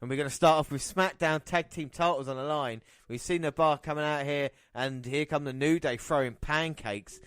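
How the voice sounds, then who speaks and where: A man's voice: fairly high pitch, moderate pace, hardly any pauses, fairly bright tone, clear, resonant tone, dry recording, studio quality. Chatty man hosting a wrestling podcast. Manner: chatty, play-by-play recapping. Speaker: podcast host. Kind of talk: casual wrestling podcast commentary.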